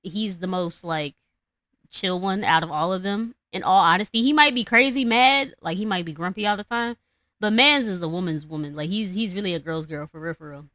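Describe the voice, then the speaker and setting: A woman's voice: on the low side, brisk, fairly bright tone, dry recording. A young adult woman telling a fairy tale on a live stream, rambling, slangy and profane. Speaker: streamer and storyteller. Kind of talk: casual live-stream storytelling.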